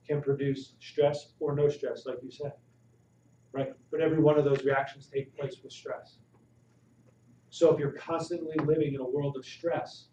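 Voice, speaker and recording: A man giving a live health talk to an audience, asking them questions with animated emphasis. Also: medium pitch. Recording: roomy, distant, dull audio with faint noise.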